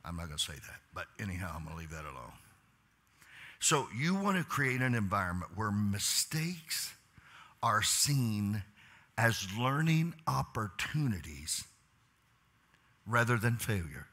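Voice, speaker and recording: Man, middle-aged pastor, leadership sermon, bright edge, slightly husky, rhetorical questions, soft-to-loud swings. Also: medium pitch, big pitch swings, normal speed. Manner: preachy, asks the crowd questions, swings from soft asides to loud urging. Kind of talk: leadership talk to a church audience.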